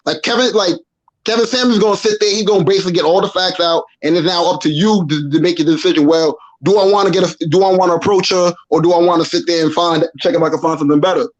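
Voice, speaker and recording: A man from New Jersey calling in to a live stream, chatting quickly in slang with stumbles and restarts. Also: high-pitched, lo-fi sound. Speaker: caller. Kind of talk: casual call-in chat.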